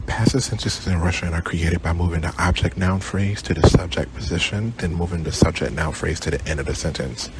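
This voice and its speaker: Man, very deep voice, gravelly fry, student slide presentation, halting with ums, noisy background. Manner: halting, filler-heavy, unsure with foreign words. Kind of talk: class project slide presentation.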